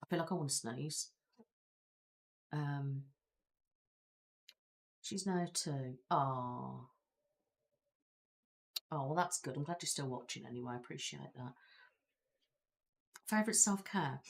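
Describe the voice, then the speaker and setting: Slow and creaky, with long pauses, this woman's bass voice carries a Belfast accent. Hosting a live stream as an ASMR creator from Belfast, Northern Ireland, she chats casually with her viewers and rambles, leaning on frequent fillers.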